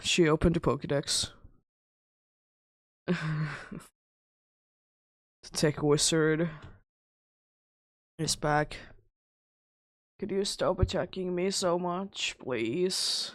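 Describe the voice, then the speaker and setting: A woman game streamer chatting casually and gently scolding her cat, her voice a little lower and rougher than usual. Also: extremely slow, pauses often, dry recording. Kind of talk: casual live-stream chat.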